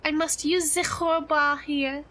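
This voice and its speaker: A woman doing a deliberately horrible, exaggerated fake French accent as a playful bit on a game stream. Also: very high-pitched, animated, fairly bright tone, full character voice, low-quality recording. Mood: hammy.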